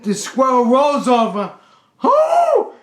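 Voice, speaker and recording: Animated New storyteller man, high voice. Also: normal speed, a little hiss or hum. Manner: animated, exasperated, streetwise. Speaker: pest control worker and storyteller. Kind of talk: comic storytelling. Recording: roomy echo.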